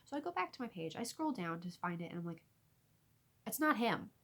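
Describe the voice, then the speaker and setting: A young woman vlogger telling a storytime story in an animated way, often laughing as she talks. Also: lowish voice, quick pace. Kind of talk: storytime vlog.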